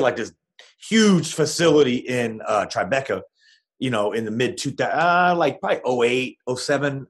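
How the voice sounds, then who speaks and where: Meandering man, mid-pitched voice. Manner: meandering, hedging with um and like. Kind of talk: casual chat.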